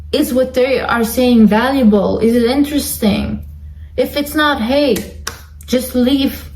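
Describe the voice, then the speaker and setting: A woman's voice: high voice, slow pace, darkish tone, echoey room, slight background noise, low-quality recording. A woman talking straight to her viewers in a motivational monologue, direct and emphatic, repeating lines for stress. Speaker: online self-help creator.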